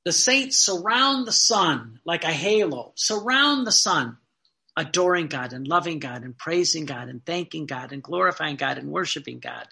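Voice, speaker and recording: Earnest man preaching with a bright voice. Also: a little high, sing-song, normal speed, vocal fry. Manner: earnest, repeats phrases for emphasis, quotes scripture. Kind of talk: sermon.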